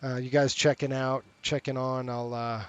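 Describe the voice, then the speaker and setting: A man's voice: mid-range voice, little pitch movement, normal speed, clear, resonant tone. A middle-aged man streaming a flight sim, chatting casually and talking straight to his viewers. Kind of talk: casual live-stream chat and commentary.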